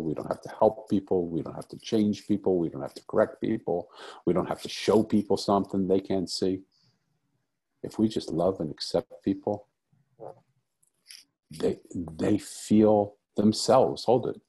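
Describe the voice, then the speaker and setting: Low-pitched, warm and husky, this middle-aged man's voice carries a personal story he shares as an interview guest. His conversational telling is earnest and reflective, with phrases repeated for emphasis.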